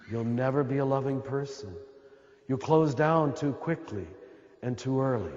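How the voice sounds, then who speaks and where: The speaker is an American Catholic priest giving a spiritual talk to a live audience in a large hall, his mid-range voice throaty and a little mellow. He addresses listeners directly, emphatic and repeating his points, with big-room sound and the highs cut off.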